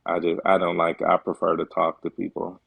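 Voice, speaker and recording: A man's voice: low-pitched, completely flat delivery, a little fast, vocal fry, fairly bright tone, breathy edge, no room sound. A man speaking as a guest on a talk show, earnest and emphatic, with frequent fillers. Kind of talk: casual chat.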